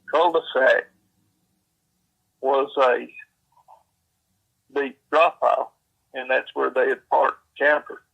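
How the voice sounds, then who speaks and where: A man, slowly retelling a secondhand encounter in plain, folksy speech with frequent fillers. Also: medium pitch, vocal fry, sharp tone, slightly rough, rough recording. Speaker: storyteller.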